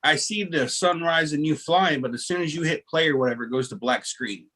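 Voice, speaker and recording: The host of this casual video chat talks a little fast in a fairly high voice that sounds pushed and bright. He tells stories in a rambling way, with plenty of restarts and self-deprecating jokes.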